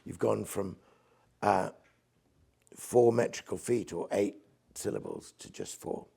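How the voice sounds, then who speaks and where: An older English man, a poet and priest, talking through the craft of his poems in an interview and dropping low to recite verse. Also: very animated, slow, creaky, breathy edge. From England. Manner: enthusiastic, nerdy about poetic meter, drops to soft low recitation for verse.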